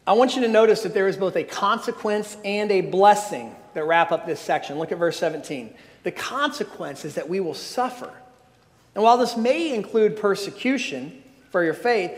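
High-voiced earnest preacher in reverberant hall. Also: male voice. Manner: earnest, emphatic, with wry asides. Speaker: guest preacher. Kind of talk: sermon. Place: church sanctuary.

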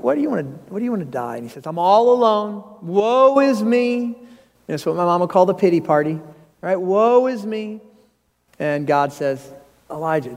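A pastor, preaching a sermon with earnest, personal storytelling and emphatic rises. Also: male voice, on the high side, darkish tone. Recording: long hall reverb.

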